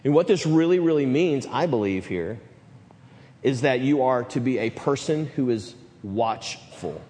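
Preaching man, mid-pitched, emphatic and dynamic, long hall reverb. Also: expressive, measured pace. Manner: emphatic, swings from loud to hushed. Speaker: pastor. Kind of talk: sermon.

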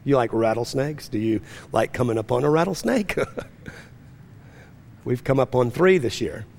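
A man preaching a sermon as pastor to a congregation, swinging between fervent rising lines and hushed, low-key storytelling. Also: expressive, measured pace, vocal fry. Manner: preaching with rising intensity and drops to a near-hush. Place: church.

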